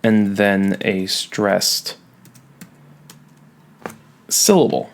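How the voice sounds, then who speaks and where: Gravelly, slow-talking playful male teacher. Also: fairly low pitch. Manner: playful, jokey, drawn-out emphasis on key words. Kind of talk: recorded classroom lecture.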